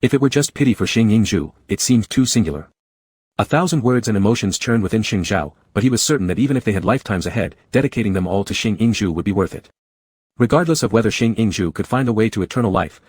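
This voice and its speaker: A man narrating a story in an even, measured audiobook reading. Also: fairly low pitch, husky, dry recording.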